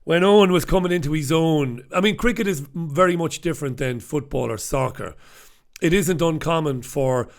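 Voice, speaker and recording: A man's voice: fairly high pitch, moderate pace. A middle-aged man hosting a casual live stream from a home studio, chatty and self-mocking. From Ireland. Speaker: host.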